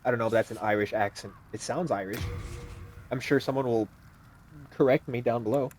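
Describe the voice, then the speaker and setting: A man's voice: medium pitch, fairly quick, soft background music. Joking gaming commentator man. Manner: animated, joking, talks to game characters. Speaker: gaming YouTuber. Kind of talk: casual gameplay commentary.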